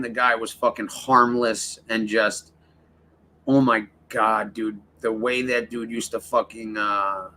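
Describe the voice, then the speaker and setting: A man's voice: medium pitch, pushed and bright. A man hosting a casual livestream, rambling and swearing as he talks straight to his chat. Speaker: livestream host.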